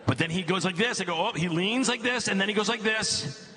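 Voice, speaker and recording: A man's voice: a little fast, slight background noise. A middle-aged man doing stand-up comedy on stage, telling a long story with repeated phrases and mounting exasperation. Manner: animated storyteller, repeats phrases for comic effect, climbs high when exasperated. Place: comedy stage before a live audience.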